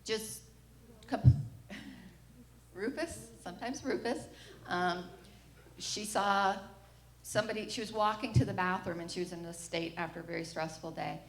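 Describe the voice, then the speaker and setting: A middle-aged mother gives a frank personal testimony in a church sanctuary, acting out what people said as she tells the story. Her voice is on the low side and a little slow, with long pauses, an echoey room, and a slight hiss or hum.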